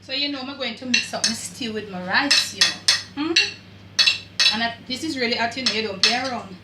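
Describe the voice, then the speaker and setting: An older Jamaican-accented woman hosts a cooking demonstration in her home kitchen, chatting away and dropping patois asides while she directs the camera. Her voice is a little high and a little fast, with roomy sound and a very noisy recording.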